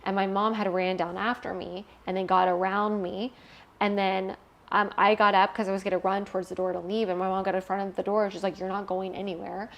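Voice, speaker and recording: A woman's voice: medium pitch, flat delivery, brisk, creaky. A young adult woman, an interview guest, telling a painful personal story candidly and emotionally, swearing freely.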